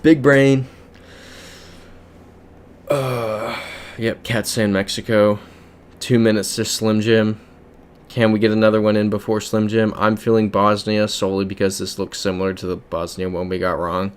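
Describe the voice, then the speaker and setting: A man's voice: on the low side, level tone, moderate pace, clear, resonant tone. A young American man streaming a geography game, chatting casually, muttering guesses and reading viewer comments aloud. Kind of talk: casual live-stream chat while playing a geography game.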